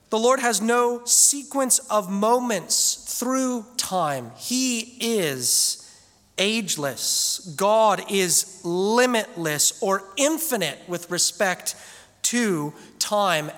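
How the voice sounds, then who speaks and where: A male pastor preaching a sermon in a church, telling stories casually and slowing down for emphatic scripture reading. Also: high voice, fairly bright tone. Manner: conversational storytelling that slows into emphatic scripture reading. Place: church sanctuary. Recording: echoey church hall.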